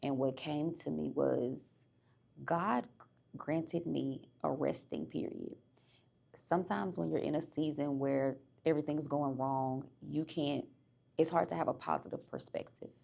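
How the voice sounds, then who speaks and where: A woman's voice: sits low, unhurried, creaky, mellow. A young woman hosting her own podcast, speaking candidly and conversationally as she reflects on her life. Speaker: podcast host. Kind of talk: reflective personal monologue.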